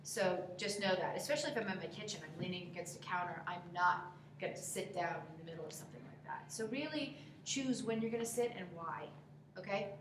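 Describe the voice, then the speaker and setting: A woman with a lowish voice speaks a little fast as she coaches acting students, critiquing their scene and showing how to deliver the lines. The room is echoey with faint background noise.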